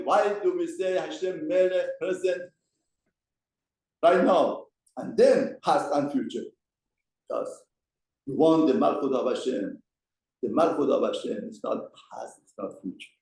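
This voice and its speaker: A man teaching a mussar lesson in a study hall, his voice rising and falling with lively swings. He talks with emphasis and poses rhetorical questions. The sound carries a roomy echo from the hall. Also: sits high. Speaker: rabbi teaching a Torah class.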